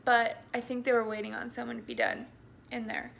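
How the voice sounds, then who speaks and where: Woman, young, fairly high and gravelly voice, rambling story full of ums, tearful, faint hiss. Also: very animated, a little fast, fairly bright tone. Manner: rambling, full of ums and likes, backtracks often. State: tearful, voice breaking. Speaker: vlogger telling her birth story. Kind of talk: casual personal storytelling.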